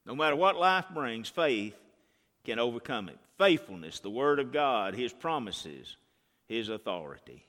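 A man preaching a sermon, telling folksy stories and swinging from hushed lines to loud ones. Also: medium pitch, very animated, measured pace. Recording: reverberant hall.

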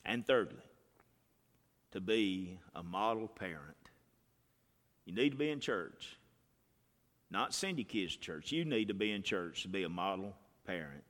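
A man preaching a sermon, telling folksy stories and swinging from hushed lines to loud ones. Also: low voice, big pitch swings, unhurried, long pauses. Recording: reverberant hall.

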